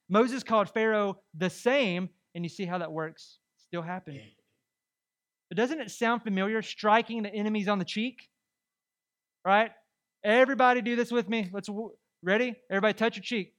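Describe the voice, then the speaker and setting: This sermon comes from a male pastor whose voice sits high. He preaches in a lively, conversational manner and keeps asking the congregation rhetorical questions.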